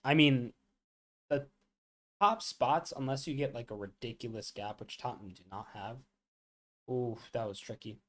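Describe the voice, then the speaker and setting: A man's voice: mid-range voice, normal speed, pauses often. A man hosting a live football watchalong, chatting casually with viewers and reacting to the match with lots of slang. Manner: chatty, reacts loudly to goals, talks to chat with slang. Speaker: livestream watchalong host.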